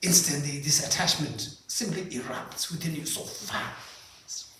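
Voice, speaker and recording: A man teaching a Buddhist retreat, his voice sitting a little high and full of playful questions to the room. He is heard from a distance in a very echoey monastery hall, with a faint hiss underneath. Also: a little slow, bright, forceful tone. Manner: playful, questioning the audience, laughs often. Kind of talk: dharma teaching with live exercises. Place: large echoing monastery hall.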